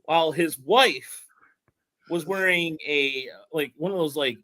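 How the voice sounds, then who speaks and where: Rambling, excitable man on a dry mic. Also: a little high, takes it slowly, no echo, low-quality recording. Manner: rambling, many restarts and fillers, excited storytelling. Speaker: podcast host. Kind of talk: casual sports podcast chat.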